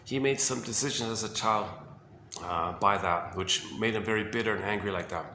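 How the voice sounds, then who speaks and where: A man's voice: fairly low pitch, fairly quick, bright, forceful tone. A man giving a rambling, casual talk about psychology, thinking aloud with many restarts. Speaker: video host. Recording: roomy echo with faint hiss.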